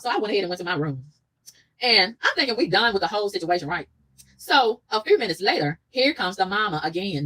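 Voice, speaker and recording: A woman telling a story in an indignant, animated rant, acting out the people she quotes. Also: medium pitch, low-quality recording. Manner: animated, indignant, quotes others in mock voices. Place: room in a shared house.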